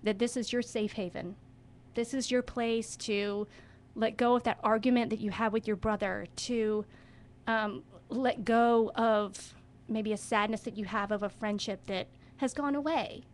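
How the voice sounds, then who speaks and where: A woman's voice: on the high side, fairly even intonation, a little slow. A woman who directs children's theater, talking as a guest in a radio studio interview with enthusiasm and expression.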